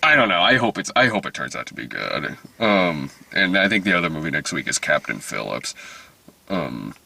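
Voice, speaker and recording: A man's voice: sits low, moderate pace, creaky. A man chatting casually in a dim movie theater after a screening, laughing often as he reviews the film. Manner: giggly, laughs often, animated.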